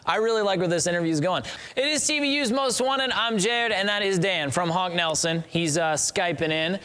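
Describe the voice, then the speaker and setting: A young man hosting a music video show, excitable and quick to laugh and joke in casual interview banter. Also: high voice, clean tone. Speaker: host.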